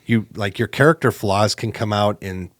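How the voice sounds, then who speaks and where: A man co-hosting a podcast, telling a personal story in a casual, animated way with lots of fillers. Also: moderate pace, no echo, studio quality. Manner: animated, acts out quoted exchanges with jumps in pitch; conversational, with many fillers and restarts. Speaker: podcast co-host.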